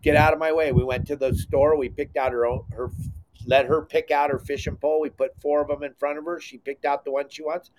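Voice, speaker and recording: A middle-aged man talking on a casual podcast, emphatic and enthusiastic, his voice sitting a little high for a man. He punches his points hard and comes back to them again and again. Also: flat delivery, a little fast, a little mellow. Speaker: podcast host.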